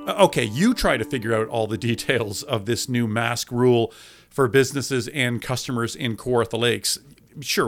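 A man's voice: mid-range voice, a bit bright. A man hosting a local podcast, chatty and wry, his voice slightly muffled by a mask as he narrates and asks questions. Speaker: podcast host.

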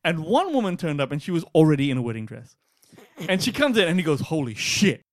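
A man's voice: a little high, fast talker, no echo, studio quality. A man co-hosting a podcast, ranting in casual chat and swearing freely. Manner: animated, swearing, acts out quotes in mocking voices. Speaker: podcast co-host.

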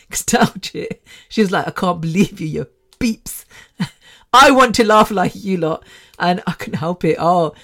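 Podcast host, woman in her 50s, mid-pitched voice, loose casual storytelling, laughs a lot. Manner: chatty, rambling, frequent laughter and mild swearing.

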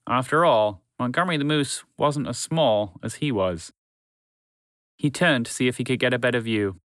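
A man narrating a children's story in a calm, measured, friendly way. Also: medium pitch, no echo.

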